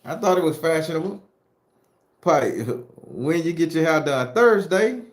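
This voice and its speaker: A man's voice: fairly high pitch, lively intonation, a little slow, echoey room. Loose, profane storytelling man. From southern Florida, USA. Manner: loose, profane, joking storyteller talking to chat. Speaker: host of a spooky-story channel. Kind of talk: casual live-stream chat answering viewers.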